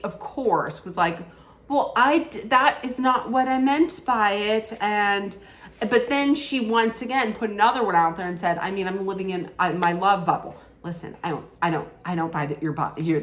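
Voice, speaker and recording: A woman's voice: mid-range voice, fairly bright tone, roomy sound. A woman giving an opinionated, casual recap rant about a reality show, often restarting her sentences. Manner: opinionated, frequent restarts and asides.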